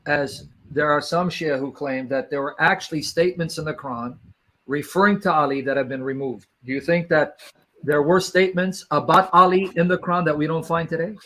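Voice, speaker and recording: Debate lead: man, fairly high voice, insistent questioner who repeats himself. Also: steady tone, a bit bright. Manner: pressing, repeats questions, slows others down. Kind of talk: live online debate.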